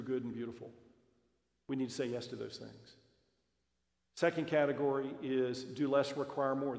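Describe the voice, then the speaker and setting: A man's voice: medium pitch, a little mellow. A man giving a seminar talk to parents, telling stories and acting out the dialogue. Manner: storytelling, acts out dialogue. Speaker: guest speaker at parent seminar. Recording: echoey hall reverb.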